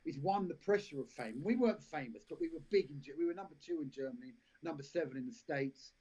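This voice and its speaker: On lo-fi live stream audio, a husky, dark-toned man with a fairly high voice talks fast as a podcast guest. He's an actor, and in this casual storytelling interview he spins long, rambling anecdotes, restarting often and laughing along the way.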